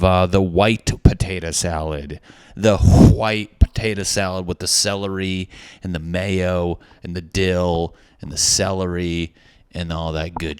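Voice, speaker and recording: Man, podcast host, deep voice, crude jokes, rambling, dry close sound. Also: smooth, no echo. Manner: crude, joking, rambling with frequent restarts. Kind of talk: solo comedic podcast rant.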